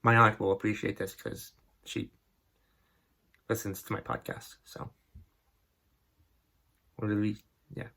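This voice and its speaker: A man's voice: on the low side, little pitch movement, slow, pauses often, pushed and bright. A man hosting a comedy podcast, ranting in a grumpy, exasperated and profane way about things that annoy him. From northern New England. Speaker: podcast host. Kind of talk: comedic rant.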